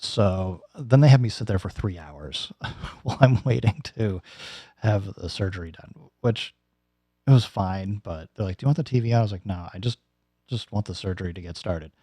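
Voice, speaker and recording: A man's voice: deep voice, normal speed, warm tone, breathy edge, dry recording. A man in his thirties or forties casually recounting a recent surgery in a vlog, rambling with plenty of fillers and restarts. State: recovering from nose and throat surgery. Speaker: YouTuber giving a personal update.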